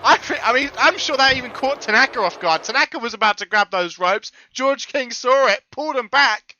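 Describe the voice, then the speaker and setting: A man giving excitable, jokey live wrestling commentary who bursts into big ring introductions. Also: very high voice, a little fast, muffled recording, a little hiss or hum.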